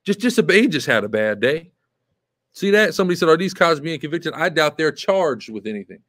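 A man's voice: a little high, big pitch swings, a little fast, fairly bright tone. A man hosting live commentary, talking emphatically and repeating himself, often asking "right?". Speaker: show host.

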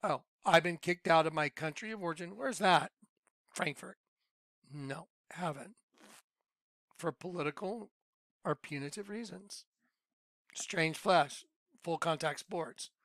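A man giving an informal Bible teaching, emphatic, quizzing the listener with yes-or-no questions and swinging between loud outbursts and muttered asides. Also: on the high side, unhurried, long pauses, no room sound. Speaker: self-styled Bible teacher.

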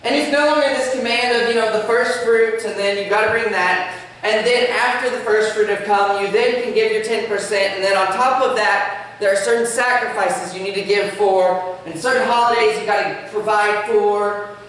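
A man preaching a sermon as pastor, animated, with light humor in his storytelling. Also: high voice, moderate pace. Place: church sanctuary. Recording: echoey church, speaker far from mic.

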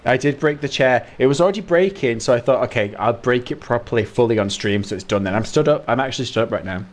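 A man's voice: mid-range voice, expressive, fast talker. A British man chatting casually with viewers while he streams a game, greeting them by name and laughing often. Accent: British English. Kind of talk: casual live-stream chat while playing.

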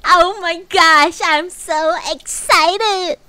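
A woman's voice: extremely high pitch, fairly even intonation, very slow, bright, forceful tone, slight background noise, pitched above the performer's own voice, heavily acted. A woman mocking an overexcited, cutesy young female streamer in a squealing, gushing voice. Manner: squealing, gushing, exaggerated cheer.

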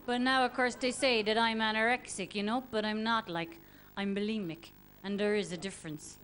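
A woman doing an impression of a well-known Irish female rock singer, hosting a comedy show with deadpan one-liners in an Irish accent. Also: medium pitch, moderate pace, close to an everyday voice. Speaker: host. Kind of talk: stand-up impression. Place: comedy club stage with audience.

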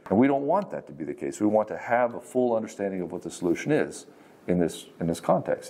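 Man, low voice, husky, mellow tone, frank casual relationship advice. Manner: frank and conversational, with casual swearing. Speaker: dating and relationship coach. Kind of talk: casual advice monologue to the camera.

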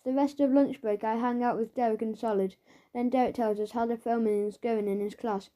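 Brief: woman reader, kids' audiobook, lively first-person schoolboy narration, slightly high, mellow tone. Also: fairly quick.

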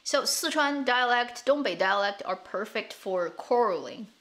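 A woman's voice: fairly high pitch, lively intonation, a little slow, a bit bright. Chatty woman. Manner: chatty, laughs often, repeats words as she thinks. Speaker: streamer and show host. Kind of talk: casual live stream chat.

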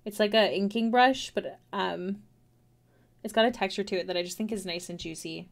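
A woman's voice: medium pitch, moderate pace, vocal fry. A young Canadian woman talks casually to her stream while she draws, half to herself. Her chat rambles and drifts, and giggles break in often. The sound is close and clean, from a desk mic at home. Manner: rambling, self-talking, giggly.

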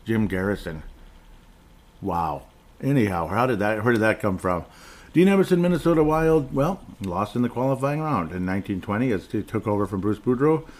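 A man's voice: on the low side, lively intonation, normal speed. A middle-aged man hosting a casual solo sports podcast, rambling and digressive with chuckling asides. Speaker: podcast host.

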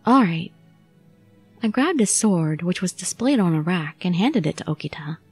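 A woman narrating a visual novel in the first person with a steady storytelling read. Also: lowish voice, normal speed, husky, soft background music. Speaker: audiobook narrator.

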